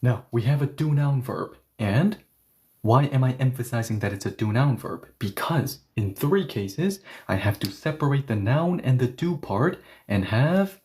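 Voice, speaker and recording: A man's voice: mid-range voice, a little mellow. A man teaching a grammar lesson, explaining each step and asking questions that he then answers himself. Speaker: Korean language teacher.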